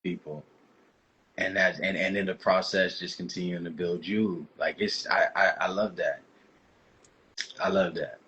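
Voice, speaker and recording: A man hosting a casual interview, encouraging and quick to laugh. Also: low voice, steady tone, sharp tone, highs cut off, a little hiss or hum. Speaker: podcast host.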